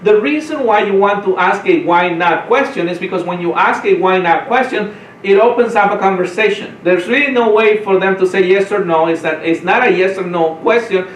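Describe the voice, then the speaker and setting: Fast-talking man teaching in a roomy space. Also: sits high, recorded from a distance, slight background noise. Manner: fast, repetitive, says "right?" often. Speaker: real estate trainer. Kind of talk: training talk.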